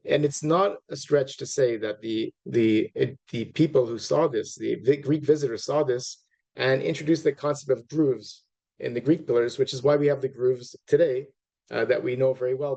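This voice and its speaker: With a warm, gravelly tone at medium pitch, a middle-aged man lectures an audience in a loose, conversational style, full of fillers, false starts, and side remarks to his listeners. The sound quality is lo-fi.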